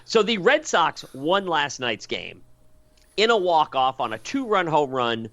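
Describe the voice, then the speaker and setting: A man co-hosting a podcast in casual chat, telling a story in a wry, animated way. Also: on the high side, measured pace, dry recording. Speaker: podcast co-host.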